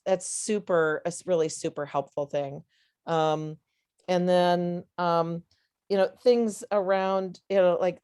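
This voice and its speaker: A woman who fosters dogs speaks on a casual online panel. She talks in halting, loose sentences full of fillers and restarts, in a voice a little lower than most women's. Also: a little mellow. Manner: hesitant, many fillers and restarts. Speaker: dog foster volunteer on a panel. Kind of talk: casual webinar panel talk.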